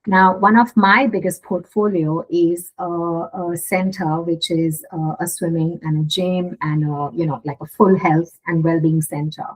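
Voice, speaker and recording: A woman guest in a casual interview, telling a story in a lively way. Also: on the low side, measured pace, few pauses, breathy edge, poor audio. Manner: animated storyteller, acts out quotes. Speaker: guest, gifting studio owner.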